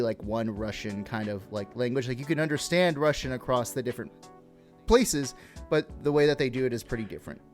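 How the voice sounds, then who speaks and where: A young man co-hosting a podcast, rambling in a laid-back way and swearing freely. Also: medium pitch. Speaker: podcast co-host. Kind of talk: casual podcast chat.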